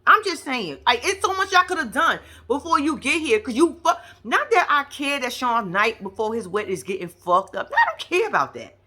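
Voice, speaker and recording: Female vlogger: higher, bright, edgy voice; blunt, cussing reaction commentary. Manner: blunt, profane, talks straight at the characters.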